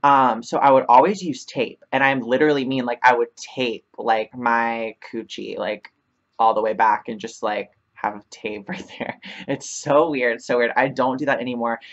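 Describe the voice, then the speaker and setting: A woman's voice: very deep voice, steady tone, normal speed, muffled recording. A young woman vlogger telling a casual storytime, chatty, filling her talk with 'like' and laughing often.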